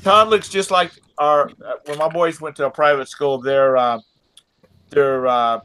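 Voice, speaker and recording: A man's voice: a little high, fairly even intonation, measured pace, pushed and bright, smooth. A middle-aged man joking and rambling with fillers in a casual group chat.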